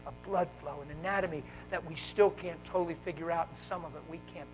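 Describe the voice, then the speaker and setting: A man preaching a live sermon in a church, wearing a mic, fervent and swinging between loud exclaiming and hushed talk. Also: a little high, steady tone, fast talker, over music, poor audio. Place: church service.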